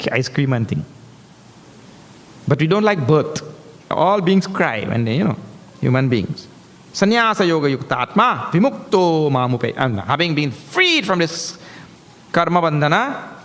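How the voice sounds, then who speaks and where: A man giving a humorous, animated scripture discourse as a spiritual teacher, breaking into chanted verses. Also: a little high. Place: large hall. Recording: echoey hall.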